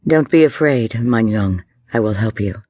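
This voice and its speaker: A man's voice: lowish voice, expressive, a little slow, dark tone, no room sound. A man voicing a self-assured woman doctor with a German touch, speaking firmly and formally. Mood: commanding. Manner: firm, commanding and formal.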